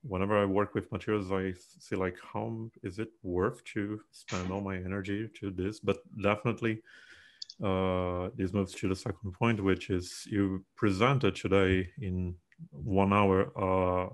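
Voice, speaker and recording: A man's voice: sits low, flat delivery, unhurried. A man taking part in a webinar, giving feedback hesitantly with many fillers. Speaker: workshop participant. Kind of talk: giving feedback on a video call.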